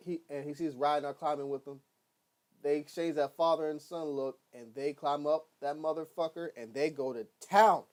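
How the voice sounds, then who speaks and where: A man casually recapping a TV episode, rambling and excitable, swearing often and acting out what characters say. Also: on the high side. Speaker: TV episode reviewer.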